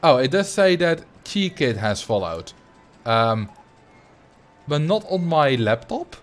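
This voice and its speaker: A man with a Dutch accent chatting casually while he livestreams a game, rambling and thinking out loud at a desk mic. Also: fairly high pitch, sing-song, slow pace, soft background music. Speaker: streamer.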